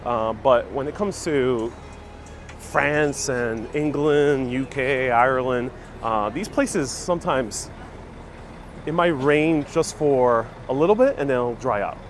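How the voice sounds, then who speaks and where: A man's voice: medium pitch, takes it slowly, faint music behind. A man hosting a casual walking livestream outdoors in a city, chatting upbeat and reading viewer comments aloud, laughing often. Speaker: travel livestream host.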